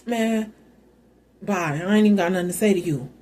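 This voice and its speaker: A woman's voice: medium pitch, moderate pace, a little mellow, a little hiss or hum, close to an everyday voice. A woman voicing a boastful, scheming older father-in-law who accuses his son-in-law in street-style talk. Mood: accusing.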